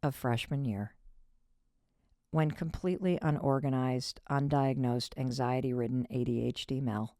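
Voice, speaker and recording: Her voice is a rumbling low with fairly even intonation and a warm tone, delivered a little slowly. She's a fiftysomething Michigan woman hosting a podcast, sharing a personal story with expression, dropping to a whisper for asides and swearing casually. The studio recording is clean, without room sound.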